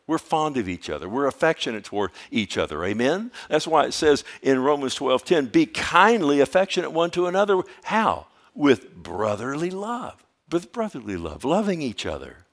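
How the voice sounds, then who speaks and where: A man preaching a sermon as pastor, dropping to hushed lines and rising to loud emphatic ones. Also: mid-range voice.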